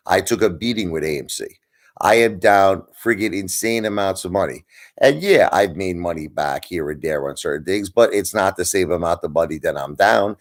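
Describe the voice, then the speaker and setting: A man hosting a livestream, ranting bluntly at his viewers, swearing and mocking them. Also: low-pitched. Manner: blunt, swearing, mocks viewers in put-on voices. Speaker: livestream host.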